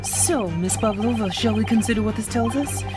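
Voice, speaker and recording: A woman doing a smug, theatrical gentleman detective, with her voice pushed lower and delivered with pompous flair. It is a fan voice-over for a mystery game, and game music plays behind it. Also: moderate pace, lightly acted. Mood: accusing.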